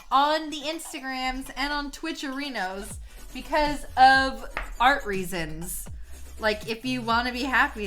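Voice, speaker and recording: Young woman, art streamer, unhurried drawn-out delivery, fairly high voice, gushing, swears, laughs, trails off. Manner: excitable, gushing, swears a lot; laughs often and trails off mid-sentence. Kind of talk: casual live-stream chat while drawing.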